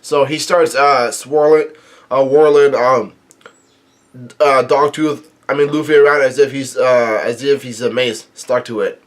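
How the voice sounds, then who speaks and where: A young man casually recapping a comic chapter, halting often and correcting himself as he goes. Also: mid-range voice, fairly even intonation. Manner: halting, many restarts and self-corrections. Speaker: manga reader and recapper.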